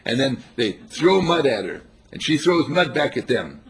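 A man giving an informal sermon on a spiritual path, telling stories with animated chuckles. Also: mid-range voice, normal speed, slightly rough. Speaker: spiritual teacher.

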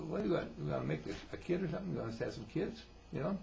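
A man's voice: a little high, very fast, creaky, few pauses, slight background noise. A man giving an informal talk on behaviour, acting out quotes in different voices. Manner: animated, acts out quotes in voices.

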